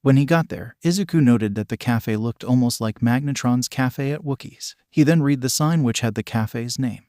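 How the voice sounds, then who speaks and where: Man reading a story in an even tone. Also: mid-range voice, dry recording, studio quality. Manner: even, steady reading, barely changing voice for characters. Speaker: narrator. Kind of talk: scripted fan-fiction narration.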